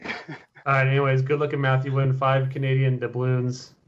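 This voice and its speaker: Male podcast host, casual and jokey, mid pitch, slightly muffled lo-fi audio. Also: completely flat delivery, normal speed. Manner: joking, mock game-show announcing. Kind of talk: casual livestream podcast chat.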